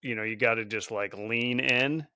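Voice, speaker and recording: Earnest man with a bright voice. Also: medium pitch, steady tone, moderate pace, clear, resonant tone, no echo, clean studio sound. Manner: earnest, reflective, often hedging with "like". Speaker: podcast guest, founder of a support group. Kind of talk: casual podcast conversation.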